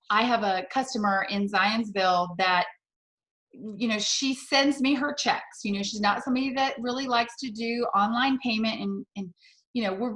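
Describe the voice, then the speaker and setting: Middle-aged woman telling stories on a video call. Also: mid-range voice. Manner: warm, storytelling, enthusiastic. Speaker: sales director. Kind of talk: motivational sales talk on a video call. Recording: echoey room on a video call.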